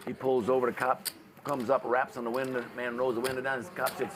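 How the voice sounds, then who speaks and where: A man playing poker who tells drawn-out jokes with restarts. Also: medium pitch, steady tone, background noise. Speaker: poker player. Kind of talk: telling jokes at the table.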